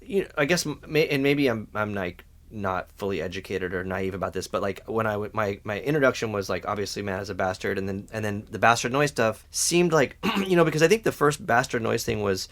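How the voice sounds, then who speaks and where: Low-voiced hesitant podcast host. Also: male voice, fairly quick, few pauses, fairly bright tone. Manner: hesitant, fills with "like" and "you know". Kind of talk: casual podcast conversation.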